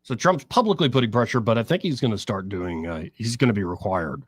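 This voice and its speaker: A man's voice: fairly low pitch, fast, breathy edge, dry recording. A man hosting talk radio, explaining politics and mimicking what others say. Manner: explanatory, quotes others in an animated voice. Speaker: radio talk show host.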